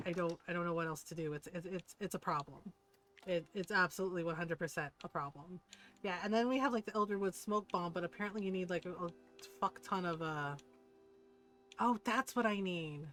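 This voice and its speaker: A woman livestreaming a game, chatting casually and telling a story full of "like" and casual swearing, acting out her friends' lines. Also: fairly low pitch. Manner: acts out friends' lines in excited voices. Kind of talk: casual chat while gaming.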